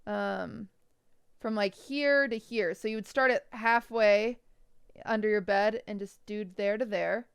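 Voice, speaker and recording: A woman's voice: medium pitch, steady tone, unhurried, gravelly, smooth, dry recording, clean studio sound. A young woman streaming live, chatting casually and giving frank, blunt design advice, sometimes swearing for emphasis. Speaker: streamer reviewing viewers' bedrooms.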